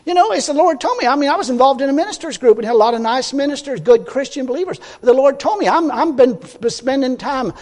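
High-voiced blunt folksy preacher man. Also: fast, hardly any pauses. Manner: folksy, blunt preaching, swings from quiet asides to loud outbursts. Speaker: pastor. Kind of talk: sermon. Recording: long hall reverb.

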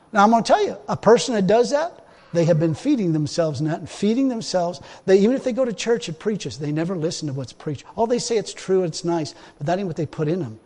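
Brisk and lively in intonation, a high-voiced man preaches a homespun, emphatic sermon. His loud exhortations drop into quiet, wry comments punctuated by chuckles, and a large hall gives everything a long, trailing reverb.

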